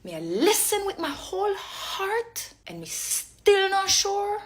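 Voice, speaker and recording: A woman vlog host speaking learner's Jamaican Patois slowly and deliberately, concentrating on the accent. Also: very high-pitched, huge pitch swings. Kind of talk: casual vlog talk, attempting Jamaican Patois.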